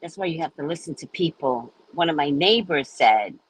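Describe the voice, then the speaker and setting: Lively, husky-voiced woman telling stories. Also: deep voice, moderate pace, poor audio. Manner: animated rambling storyteller. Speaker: livestream host. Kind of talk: casual livestream chat.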